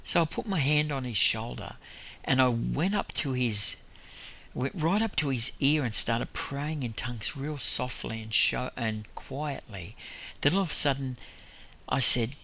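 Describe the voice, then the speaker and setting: A man's voice: medium pitch, measured pace, creaky, sharp tone, a little hiss or hum. A man preaching in an informal testimony style, telling rambling stories with frequent chuckles.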